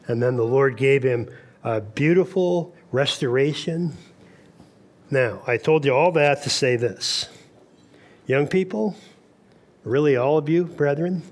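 Man preaching a sermon, storytelling. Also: mid-range voice. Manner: storytelling, acts out dialogue in quotes. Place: camp meeting hall.

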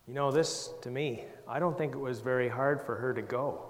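A man giving a gentle Bible talk to children, reading verses and asking them questions. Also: medium pitch, fairly even intonation, normal speed, few pauses, big-room sound. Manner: gentle, reads scripture aloud, asks the children questions. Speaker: children's Sunday school teacher.

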